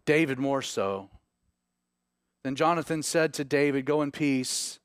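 A man preaching a sermon, reading scripture aloud and then commenting on it with rising, animated emphasis. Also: medium pitch, clean tone, dry recording, studio quality. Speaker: pastor. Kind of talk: sermon, Bible teaching.

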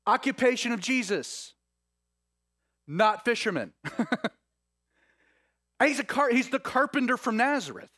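A man preaching a sermon in an animated, conversational way with laughing asides. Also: very high-pitched, a little slow, pauses often, dry recording, clean studio sound. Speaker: pastor.

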